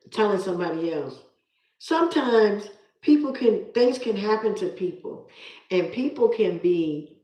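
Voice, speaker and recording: A middle-aged woman live-streaming, reading viewer comments and talking in an emphatic, preachy way, often repeating herself. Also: medium pitch. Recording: roomy echo.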